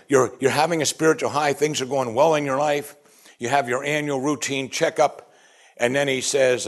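A man preaching a sermon, animated and asking his listeners one rhetorical question after another. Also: on the high side, moderate pace. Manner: animated, asks the audience many rhetorical questions. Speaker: pastor.

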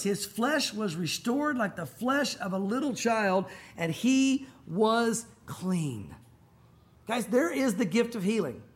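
High-voiced pastor preaching a sermon. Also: male voice. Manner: conversational, acts out biblical dialogue in casual modern speech. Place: church sanctuary.

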